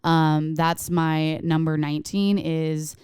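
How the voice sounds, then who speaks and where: Smooth-voiced young woman co-hosting a podcast. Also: deep voice, level tone, slow pace, a little mellow, no echo, studio quality. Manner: candid and swearing, quoting herself and her boyfriend. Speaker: podcast co-host. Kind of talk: casual chat.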